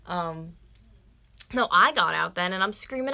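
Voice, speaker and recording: This low, creaky voice carries lively intonation, a slightly fast pace, and a pushed, bright quality. It belongs to a North American woman in her twenties who vlogs, ranting and swearing casually on a live stream with plenty of "like" and moments of whispering.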